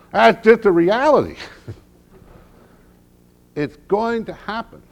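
Middle-aged male pastor preaching; lively, unhurried delivery, humorous storytelling, hushed lows and emphatic peaks. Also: creaky. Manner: swings from hushed low lines to loud emphatic peaks. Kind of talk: sermon.

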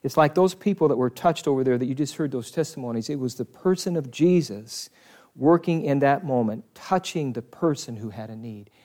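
An earnest male preacher at a medium pitch, leaning hard on key phrases and stretching them out slowly. He breaks into casual asides to the congregation between points. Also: lively intonation, mellow. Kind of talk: sermon.

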